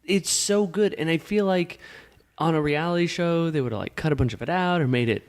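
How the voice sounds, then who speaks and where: A man's voice: a little high, a little fast. A man co-hosting a casual podcast chat, talking in a chatty, playful way and often trailing off mid-thought. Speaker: podcast co-host.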